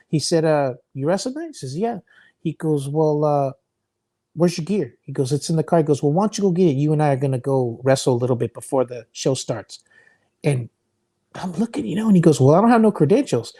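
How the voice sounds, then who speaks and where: A man's voice: fairly high pitch, warm tone. A man, a wrestling guest, telling a long story in an interview, laughing often and restarting words.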